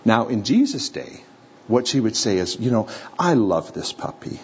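A man's voice: mid-range voice, very animated, moderate pace, darkish tone. A man preaching a sermon to a live congregation, telling a story with playful acted-out voices. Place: church or hall with a live audience. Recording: slightly dull recording with faint room noise.

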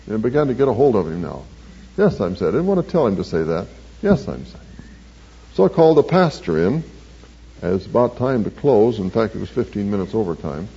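A man, a church counselor, telling the story of a counseling session in a measured, earnest way. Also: lowish voice, very animated, vocal fry, warm tone, breathy edge. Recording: dull lo-fi recording with faint hiss.

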